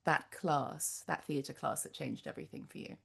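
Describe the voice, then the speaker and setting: A woman's voice: deep voice, normal speed, vocal fry, husky. A woman hosting an interview, speaking earnestly and emphatically in long flowing thoughts full of "like" and "you know.". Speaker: podcast host, interviewer. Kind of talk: casual interview chat.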